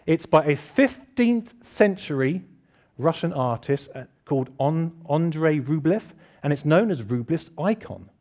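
Lively, chatty preacher. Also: male voice, fairly high pitch, a little slow. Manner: chatty, self-deprecating, asks the congregation questions. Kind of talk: informal church sermon. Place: church hall with congregation.

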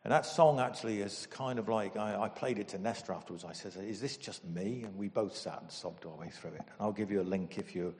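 A man preaching a sermon as pastor, emotional and animated, with sudden loud bursts. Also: fairly low pitch, fast talker, few pauses, big-room sound.

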